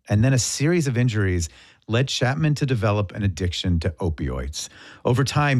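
A man reading scripted documentary narration in a measured, deliberate way. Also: lowish voice, darkish tone, no room sound, studio quality.

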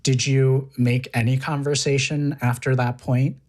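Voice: mid-range voice, little pitch movement, unhurried, a little mellow. A curious interviewer with a mid-range voice asks follow-up questions. This speaker reacts often with brief, surprised interjections.

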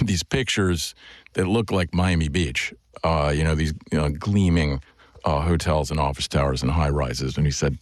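Very deep-voiced male journalist. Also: no room sound, clean studio sound. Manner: conversational, many fillers and restarts. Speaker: journalist guest. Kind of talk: interview conversation.

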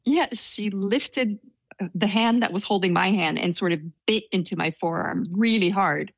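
A woman telling a story in casual conversation, soft-spoken and hesitant with many fillers. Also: mid-range voice, normal speed, gravelly, no room sound. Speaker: storyteller guest.

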